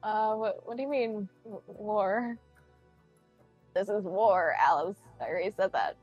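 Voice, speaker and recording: A woman's voice: mid-range voice, unhurried, a little mellow, breathy edge, soft background music. A young woman in a roleplay, speaking hesitantly with many fillers and frequent exclamations. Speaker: roleplay player. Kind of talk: Minecraft roleplay acting. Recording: dull lo-fi, dry.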